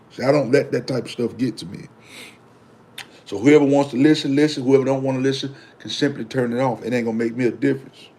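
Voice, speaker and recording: Mellow-voiced man preaching to viewers. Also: mid-range voice. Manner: emphatic and repetitive, preaching; casual slang, talks back to commenters. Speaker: vlogger. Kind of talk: casual preachy monologue to viewers.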